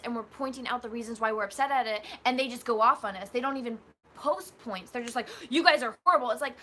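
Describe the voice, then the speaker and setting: A young woman chats earnestly on a livestream, rambling through her points with a bright, slightly high voice. A faint hum of background noise sits under her speech. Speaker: podcast co-host. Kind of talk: casual livestream chat.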